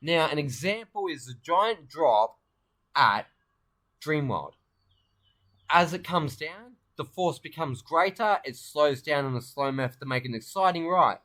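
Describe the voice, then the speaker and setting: A man's voice: a little high, animated, fairly bright tone. A man, rambling through crude, boastful comic tall tales. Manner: brash, crude, rambling, fast-talking boasts.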